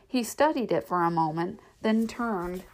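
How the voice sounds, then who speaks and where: A woman's voice: medium pitch, expressive, unhurried, a little hiss or hum, rough recording. Woman narrating a novel aloud. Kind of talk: audiobook reading.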